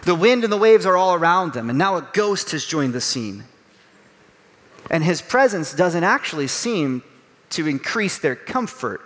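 A male pastor preaching with a high, light voice, chatty and animated, slipping into small acted voices. His words ring out with a long hall reverb around them. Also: normal speed. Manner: conversational, animated, acts out voices. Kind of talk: sermon.

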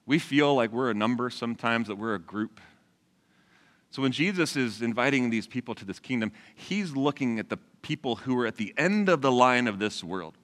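In a large church hall with long reverb, a male pastor in his forties delivers a sermon at normal speed to a live congregation. His pitch rises and falls expressively as he talks conversationally and keeps asking the crowd questions.

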